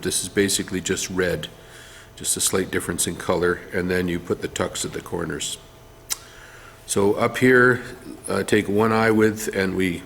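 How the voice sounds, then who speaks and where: A man's voice: low-pitched, fairly bright tone, slight background noise. A man teaching art, talking through a face drawing one step at a time while he draws, with some fillers. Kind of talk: drawing tutorial demonstration.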